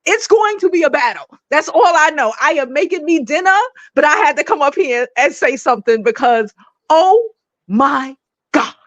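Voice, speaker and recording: A woman in her forties from Brooklyn, gossiping in animated, laughing casual chat and swearing freely while cooking at home. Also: high voice, moderate pace, no room sound, rough recording. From Brooklyn, New York. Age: 40s. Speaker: guest panelist. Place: home kitchen.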